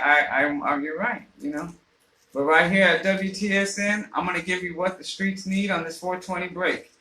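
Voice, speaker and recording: A man's voice: fairly high pitch, pushed and bright. A man on the radio telling a personal story in a casual, rambling way, swearing often and restarting his sentences. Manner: rambling, profane, frequent fillers and restarts. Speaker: radio host. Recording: roomy echo.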